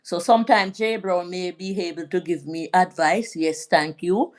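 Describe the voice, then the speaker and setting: A middle-aged woman from Jamaica hosting a live stream, chatting in a rambling way and giving shout-outs to her viewers. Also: lowish voice, moderate pace. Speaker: vlog host. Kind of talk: casual live-stream chat.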